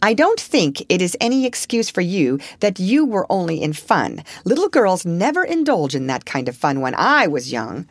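Sharp-tongued elderly lady, as a reader puts her on, severe, dry recording. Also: deep voice, very animated, a little slow, no echo, full character voice.

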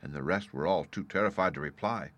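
A man reading a story aloud in steady, measured scripted narration. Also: low-pitched, no echo, lo-fi sound. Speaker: audiobook narrator.

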